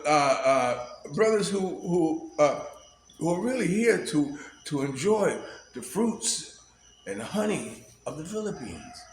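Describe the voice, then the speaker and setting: Male vlogger, slightly high voice, rambling anecdotes full of fillers and chuckles, echoey room with faint noise. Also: gravelly. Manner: rambling, laughs often, many "you know" fillers. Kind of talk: casual storytelling monologue.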